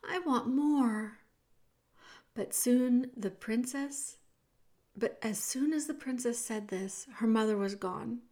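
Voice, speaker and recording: A woman reading a children's novel aloud in a measured, expressive storybook narration. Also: a little high. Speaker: audiobook reader.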